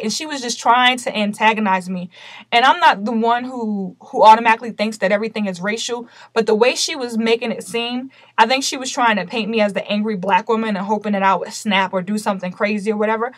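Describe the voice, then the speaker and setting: A mother telling a personal story to camera in a casual, animated way, full of indignation and emphatic quoted dialogue. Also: fairly high pitch, dry recording. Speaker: vlogger recounting a personal story.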